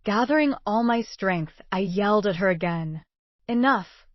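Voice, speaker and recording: Woman reading a first-person story, mid pitch, dry muffled recording. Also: animated, normal speed, no room sound. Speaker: story narrator.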